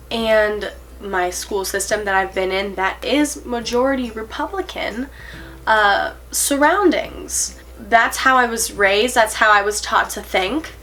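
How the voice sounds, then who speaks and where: A woman's voice: fairly high pitch, pushed and bright. An eighteen-year-old woman talking to camera in a casual vlog, earnest and a little nervous, rambling with fillers and self-corrections and breaking into giggles. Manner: giggly, self-conscious laughs. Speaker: vlogger.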